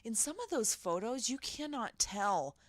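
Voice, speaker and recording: A woman's voice: fairly high pitch, sing-song, measured pace, over a noisy crowd. A woman co-hosting a podcast in casual chat, telling a creepy story and acting out her own shocked reactions. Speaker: podcast co-host.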